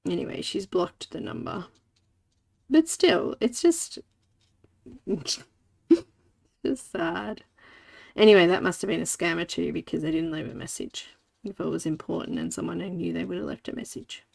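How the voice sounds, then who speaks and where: A woman's voice: on the low side, expressive, normal speed, gravelly, long pauses, a little mellow, husky. A woman hosting a live coloring stream, chatting casually and telling stories with frequent laughs. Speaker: livestream host. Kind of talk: casual chat while coloring.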